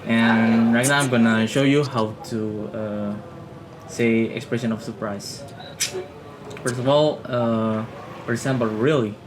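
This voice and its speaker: A young man with an Indonesian accent gives a halting class presentation, full of fillers and repeated phrases. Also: mid-range voice, steady tone, low-quality recording. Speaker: student presenter. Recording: music playing underneath.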